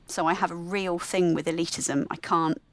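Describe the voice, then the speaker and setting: A woman with a softened English Midlands accent talks as a podcast guest in a candid, reflective way, often stopping to correct herself. Her voice sits a little low for a woman. The sound is close and dry, with no room around it. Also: fairly even intonation, moderate pace, no echo. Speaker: guest, theatre nurse. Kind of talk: relaxed podcast conversation.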